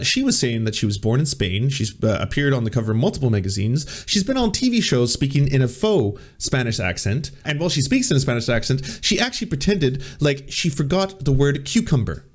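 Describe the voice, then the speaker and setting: A man hosting a political comedy show, mocking a news story with sarcasm, frequent laughter and stammered restarts. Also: mid-range voice. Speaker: political comedy podcast host.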